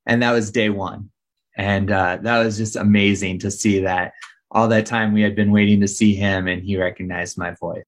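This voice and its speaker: An earnest man speaks in a slightly low voice, recounting a tender fatherhood memory. His delivery is sincere and heartfelt. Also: steady tone, normal speed. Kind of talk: personal storytelling.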